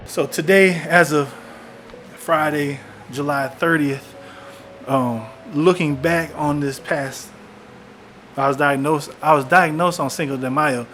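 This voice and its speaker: A man's voice: fairly high pitch, steady tone, slow, fairly bright tone, a little hiss or hum. A young man talking candidly in a personal video diary, reflective, often saying "man". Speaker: vlogger documenting his illness. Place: in a parked car. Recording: music playing underneath.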